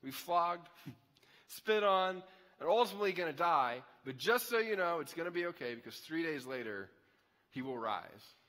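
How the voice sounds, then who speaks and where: Bright-voiced preacher in an echoey hall. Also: male voice, a little high, normal speed. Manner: conversational, animated storytelling with asides. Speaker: pastor. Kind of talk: sermon. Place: church auditorium.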